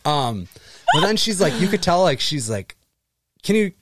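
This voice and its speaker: On a casual podcast, a co-host in his thirties tells stories, swears freely, and acts out the people he mentions. His voice is a little high and very animated at a moderate pace, with slight background noise.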